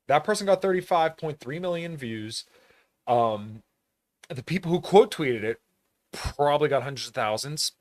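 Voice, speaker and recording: A man's voice: mid-range voice, very animated, measured pace, dry recording. A man from rural Pennsylvania hosting a podcast in a blunt, profane, casual monologue, laughing often. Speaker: podcast host.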